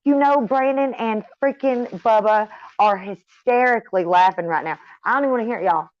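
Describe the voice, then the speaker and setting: A woman's voice: a little high, brisk, dry recording. A middle-aged woman chatting casually to her viewers, rambling off on tangents and swearing freely. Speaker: vlogger talking to viewers. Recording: slightly dull, dry recording.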